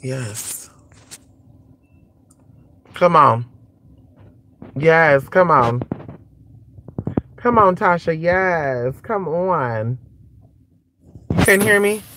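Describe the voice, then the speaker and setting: A man's voice: on the high side, lively intonation, extremely slow, pauses often, noisy background. A man from California hosting a casual live stream chat, flamboyant and sassy, calling listeners honey and cheering on the chat. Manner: cheers on chat with repeated come on. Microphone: phone or computer mic on a live stream.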